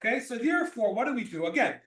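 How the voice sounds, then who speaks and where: Very animated and fast, with a fairly bright tone, a very high-voiced man teaches religious law. He takes each point patiently, circling back and restarting sentences, recorded from a distance in a room full of echo.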